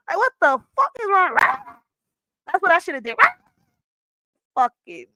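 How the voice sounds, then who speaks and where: Bright, laughing woman telling a profane story. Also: high-pitched, wildly swooping pitch, takes it slowly, long pauses, no room sound, poor audio. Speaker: livestream host. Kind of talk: casual livestream chat. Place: at home, sitting on a chair. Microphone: wearing headphones.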